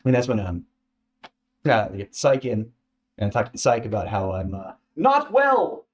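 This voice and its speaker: A man telling a personal story in a casual, halting way, repeating words and acting out what others said. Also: mid-range voice. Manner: halting, repeats words, lively quoting voices. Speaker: former contestant telling his story.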